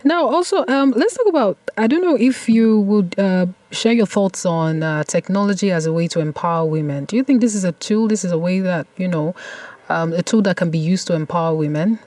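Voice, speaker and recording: A woman hosting a radio talk show in a studio, measured with filler pauses. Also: fairly low pitch, a little mellow, no room sound. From Nigeria. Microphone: studio mic.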